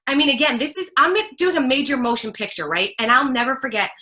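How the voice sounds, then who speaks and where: A woman from New Jersey tells her story as a guest in an interview. Her voice is bright and sits a little high. She talks with animated energy and slips into the voices of the people she quotes. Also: quick pace. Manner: lively, acts out quoted voices. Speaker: guest, actress and speaker.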